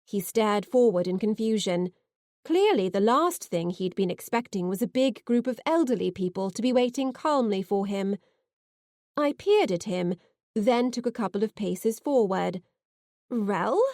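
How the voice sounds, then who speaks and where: A woman narrating a science fiction novel in the first person, expressive and heartfelt. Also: mid-range voice, moderate pace, dry recording, clean studio sound. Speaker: audiobook narrator.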